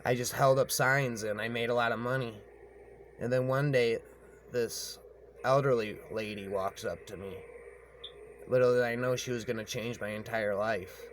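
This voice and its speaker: A man's voice: mid-range voice, steady tone, normal speed, a little hiss or hum. A man telling a rambling story aloud, often repeating himself and tagging lines with "man". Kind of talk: rambling spoken horror story.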